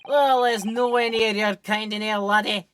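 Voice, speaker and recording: A woman's voice: mid-range voice, fairly even intonation, normal speed, fairly bright tone, slight background noise, lightly acted. A woman voicing a hostile, suspicious middle-aged male prison governor in a put-on general Scottish accent, with game music behind. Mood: gruff, suspicious. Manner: blustering, suspicious.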